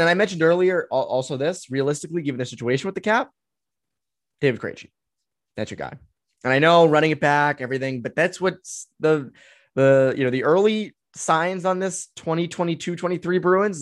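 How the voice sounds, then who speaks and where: Fairly quick and expressive, a high-ish voiced man in his twenties hosts a sports podcast, chatting loosely through hockey team analysis and using plenty of fillers. The recording is dry and of studio quality.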